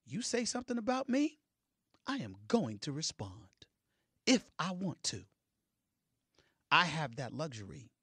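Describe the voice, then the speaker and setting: Middle-aged guy ranting on sports talk, bright forceful voice, emphatic. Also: very animated, unhurried, pauses often, slightly rough, no room sound, clean studio sound. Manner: emphatic, swings from loud declarations to low intense remarks. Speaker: sports commentator. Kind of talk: heated on-air commentary.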